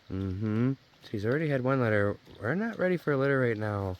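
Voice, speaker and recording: A man's voice: mid-range voice, expressive, fairly quick, hardly any pauses. A man hosting a casual farm vlog outdoors. He talks fondly and playfully to his dogs in a coaxing sing-song. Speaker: vlog host. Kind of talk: casual chat.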